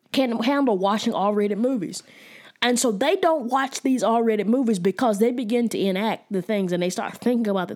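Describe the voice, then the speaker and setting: A woman's voice: fairly high pitch, warm tone. A woman teaching a Bible study in a casual, conversational way, often repeating words and checking in with "okay?".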